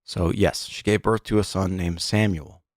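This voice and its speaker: A man with a fairly low voice reads through a list of stories for a casual podcast. He halts, restarts and fills gaps with little sounds. The recording is close and dry, with no room around it. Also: steady tone, dry recording. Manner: halting, reads aloud with many fillers and restarts. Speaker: podcast co-host. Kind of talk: casual chat, reading a list aloud.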